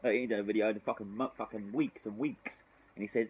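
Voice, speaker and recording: A man's voice: on the low side, fairly even intonation, fast talker, slight background noise, low-quality recording. Sweary British man drinking outdoors. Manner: sweary, rambling, frequent sighs. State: tipsy, shivering from cold. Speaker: drinking vlogger. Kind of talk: casual rambling vlog. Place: outdoors in the cold.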